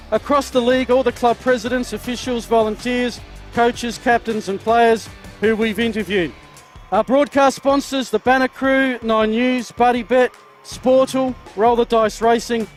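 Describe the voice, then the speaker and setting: A man with a notably high-pitched voice, working as a sports commentator. He talks in a steady, measured way, reading through long lists of names. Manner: measured, listing thank-yous. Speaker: play-by-play commentator.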